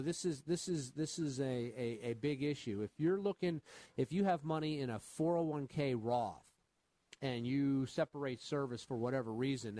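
A man with a mid-range voice and dry, close studio sound, co-hosting a finance radio show. He plays the advisor, setting quiz questions and patiently unpacking retirement rules in a plain, even manner. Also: medium pitch, no room sound. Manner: explains rules patiently while quizzing his co-host. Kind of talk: radio call-in finance chat.

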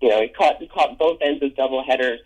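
A man's voice: medium pitch, fast, highs cut off. A man being interviewed, talking keenly about a museum's programs and stories, often restarting his sentences. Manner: enthusiastic, stumbles and repeats words. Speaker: museum educator and guest. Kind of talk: casual interview.

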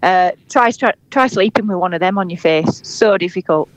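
A woman's voice: lowish voice, normal speed, no echo. A woman with a Yorkshire accent from Huddersfield, co-hosting a casual podcast chat remotely, blunt and cheeky with broad northern slang and frequent laughter. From England, Huddersfield. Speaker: podcast co-host. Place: at home in England, calling in remotely.

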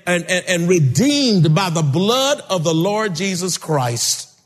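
A man preaching a sermon, calling out to his congregation and rising to shouts. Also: sits high, big pitch swings, slow, slightly rough. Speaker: pastor. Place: church sanctuary. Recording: long hall reverb.

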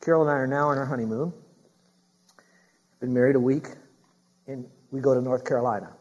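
A man preaching a sermon as pastor, talking straight to his congregation with questions and building to loud, emphatic preaching. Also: medium pitch, steady tone, fairly quick, muffled recording.

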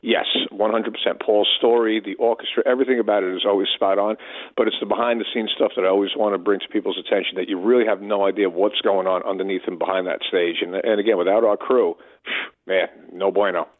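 A man's voice: fairly low pitch, steady tone, quick pace. A man in his sixties, a touring band member, chatting in a phone interview, telling stories and acting out dialogue. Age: 60s. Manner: storytelling, chatty, acts out dialogue. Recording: tinny phone line.

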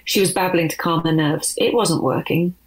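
Woman, storybook narration, lowish voice, lively reading. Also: normal speed, poor audio.

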